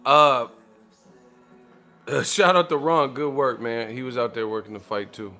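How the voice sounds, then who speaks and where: Male channel host, casual storyteller, animated and profane, laughs often. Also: mid-range voice, measured pace, faint music behind.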